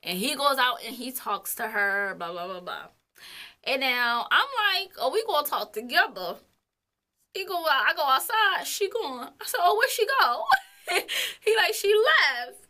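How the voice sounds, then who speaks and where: A woman's voice: high voice, lively intonation, unhurried, pushed and bright. A young woman co-hosting a couple's vlog, telling a story in casual chat, blunt, swearing freely and laughing often.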